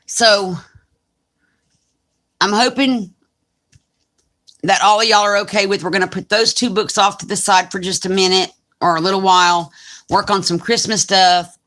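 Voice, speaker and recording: A woman's voice: medium pitch, fairly even intonation, moderate pace, pauses often, fairly bright tone. A woman in her forties with a Southern US accent, chatting casually on a crafting live stream and reading comments aloud. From Alabama, US. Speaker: crafting channel host.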